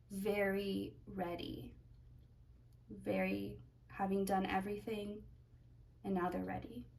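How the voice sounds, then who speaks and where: Gravelly-voiced woman giving a tarot reading. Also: mid-range voice, a little mellow, distant mic, rough recording. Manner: rambling, searching for words, many fillers. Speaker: tarot reader. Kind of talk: pick-a-card tarot reading.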